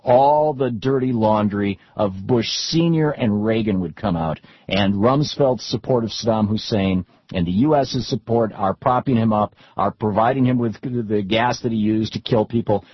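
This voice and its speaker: Husky middle-aged man, rambling political talk. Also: on the low side, normal speed, hardly any pauses, no room sound. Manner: rambling, frequent restarts and repeated words. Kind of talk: unscripted political talk with anecdotes. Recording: dull lo-fi recording.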